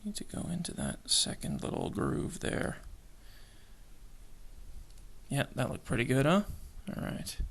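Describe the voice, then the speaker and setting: His medium-pitched voice swoops wildly up and down, carries vocal fry, and keeps a moderate pace. The speaker, an adult man with children, narrates a model kit build for a hobby video, muttering, whispering to himself, and joking at his own expense.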